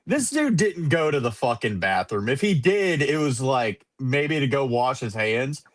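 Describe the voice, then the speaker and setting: A man with a mid pitch that jumps widely as he tells a profane story in casual chat. He laughs often and his voice has a very lively swing. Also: a little slow, dry recording.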